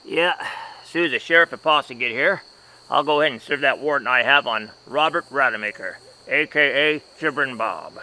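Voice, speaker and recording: A man's voice: medium pitch, normal speed, sharp tone, a little hiss or hum, low-quality recording. A man playing a fussy, easily flustered masked lawman in a homemade comedy sketch, talking in an exasperated, scolding way. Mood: worried.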